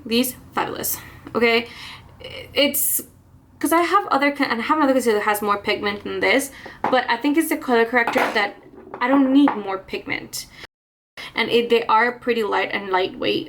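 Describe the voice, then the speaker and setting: A beauty vlogger rambles casually through a get-ready-with-me makeup video, restarting and laughing softly, a little out of breath. Her voice is slightly high and a bit bright.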